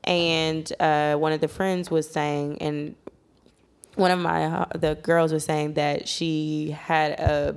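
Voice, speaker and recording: Woman podcast co-host, low pitch, animated and chatty. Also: takes it slowly, vocal fry, clear, resonant tone. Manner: animated, echoes her co-host, acts out quotes. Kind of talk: casual chat.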